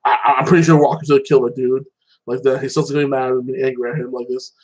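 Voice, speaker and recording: A man's voice: mid-range voice, little pitch movement, fast talker, low-quality recording. A young man in casual solo chat, rambling about a TV show and padding his sentences with "like this" and "like that". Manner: rambling, fills with "like this" and "like that". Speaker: show commentator.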